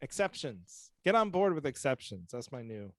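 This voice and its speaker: A man's voice: medium pitch, sing-song, normal speed, fairly bright tone. A man co-hosting a podcast, telling jokey stories in casual chat and acting out bits of dialogue. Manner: joking storyteller, acts out dialogue. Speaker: podcast co-host.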